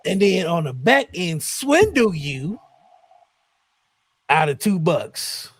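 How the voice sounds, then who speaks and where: A man hosting a podcast, chatting casually and telling animated stories in a relaxed vernacular. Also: a little high, slow, husky, no room sound. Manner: animated storytelling with voiced impressions. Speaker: podcast host. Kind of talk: casual chat.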